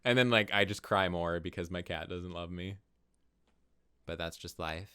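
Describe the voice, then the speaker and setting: A young man co-hosting a podcast in casual chat, animated and quick to laugh, swearing casually. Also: low-pitched, clear, resonant tone. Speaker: podcast co-host.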